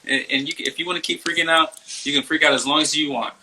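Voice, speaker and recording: A young man talking about self-love in a casual, reflective way, soft-spoken and searching for words with many fillers. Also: on the high side, fairly even intonation, quick pace, rough recording. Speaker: podcast host and coach.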